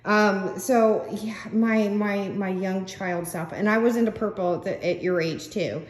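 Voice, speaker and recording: An older woman crafter vlogging in a rambling, casual way, chatty and quick to laugh, with fillers between thoughts. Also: medium pitch, steady tone. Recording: roomy echo.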